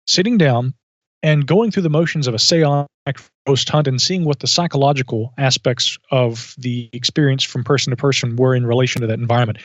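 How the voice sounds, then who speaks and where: A man as a podcast guest, telling a story in a thoughtful, measured way with asides and self-corrections. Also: mid-range voice, no room sound. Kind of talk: reflective storytelling in conversation. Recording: dull lo-fi audio.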